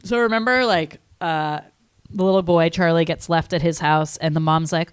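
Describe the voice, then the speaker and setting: A woman's voice: low-pitched, fairly quick, smooth, no echo. A young woman co-hosting a podcast, chatting casually and laughing, with lots of "like" in her talk. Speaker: podcast co-host. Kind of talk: casual chat.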